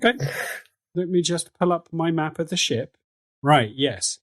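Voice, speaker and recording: A man's voice: a little high, a little slow, pauses often, dry recording. A man narrating as dungeon master in an easygoing, descriptive way. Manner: descriptive, easygoing, laughs often. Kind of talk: narrating a tabletop game.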